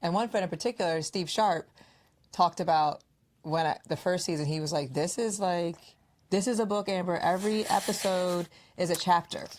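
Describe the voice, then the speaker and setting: On a laid-back podcast she co-hosts, a woman with a lowish voice speaks at a normal pace, telling lively stories. Her friends' words get acted out as she quotes them.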